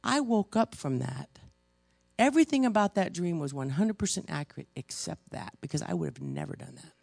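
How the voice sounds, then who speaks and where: A woman preaching a sermon, emotional and halting, pausing between stressed words. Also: deep voice, expressive, darkish tone, no room sound. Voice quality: gravelly.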